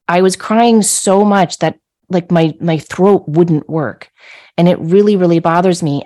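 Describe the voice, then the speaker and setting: A middle-aged woman with a fairly low voice tells a personal story on a podcast. Her tone stays conversational and animated, and she acts out her own outbursts with a laugh. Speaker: podcast host.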